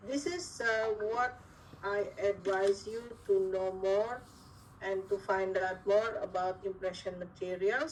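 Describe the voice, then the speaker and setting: A woman with an Indonesian accent giving an academic lecture, talking haltingly with many fillers and repeated "yeah" tags. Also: medium pitch, slight background noise. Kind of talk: academic lecture on dental materials. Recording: distant mic, faint room ambience.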